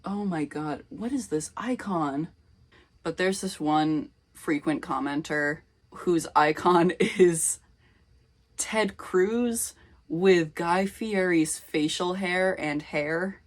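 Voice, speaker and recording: Wry, slow-talking young woman. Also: on the low side. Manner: wry, self-mocking. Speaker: reader of her old fanfiction. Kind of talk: casual reading with commentary.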